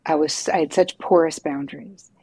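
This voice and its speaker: A middle-aged woman, a psychotherapist guest, telling her story frankly and lively, swearing casually. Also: low-pitched, moderate pace, breathy edge, dry recording. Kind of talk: candid conversational storytelling.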